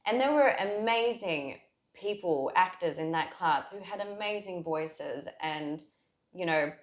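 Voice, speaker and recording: A woman with a notably low voice shares a deeply personal story as a podcast guest, circling back and restarting her sentences with lots of "like"s. Her voice carries a roomy echo from the space around her. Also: expressive, unhurried. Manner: heartfelt, rambling with many "like"s and restarts.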